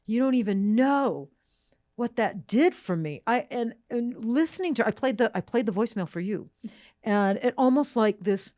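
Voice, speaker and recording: A woman's voice: a little high, animated, normal speed, warm tone, no room sound, clean studio sound. A woman hosting a podcast, talking in a chatty, enthusiastic way with many fillers and restarts. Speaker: podcast host. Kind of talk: casual podcast chat. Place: recording studio.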